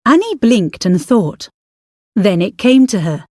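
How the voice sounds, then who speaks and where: A woman reads an audiobook story with measured, expressive storytelling. Her pitch rises and falls in a lively way, and the sound is dry and close. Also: dry recording. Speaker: audiobook narrator. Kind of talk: scripted audiobook narration.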